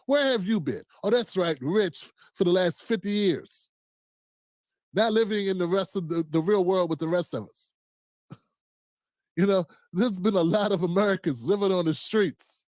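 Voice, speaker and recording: A man's voice: high voice, no echo. A middle-aged man giving blunt, emphatic opinion commentary on a live stream, often saying "man". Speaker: co-host.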